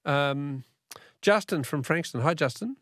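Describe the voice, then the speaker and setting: Middle-aged Australian host, chatty and laughing, lively delivery, dry studio mic. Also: male voice, on the high side, a little slow, dry recording. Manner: chatty, chuckling, animated. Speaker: radio talkback quiz host. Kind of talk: casual radio chat. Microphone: studio microphone.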